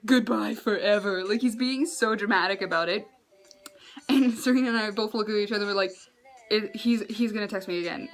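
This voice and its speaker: A woman vlogger telling a story to the camera, exasperated and animated, laughing in disbelief. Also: mid-range voice.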